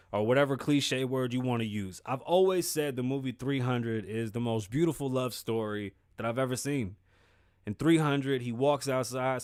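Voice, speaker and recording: A man's voice: mid-range voice, dry recording, clean studio sound. Profane, candid man hosting solo. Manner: candid, profane, emphatic street slang. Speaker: podcast host. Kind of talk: casual solo commentary.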